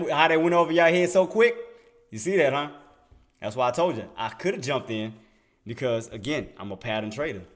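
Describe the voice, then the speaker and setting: A young adult man giving casual, emphatic commentary on trading charts, repeating himself and firing rhetorical questions at his viewers. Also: mid-range voice. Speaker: day trader streaming market commentary. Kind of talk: casual screen-share commentary.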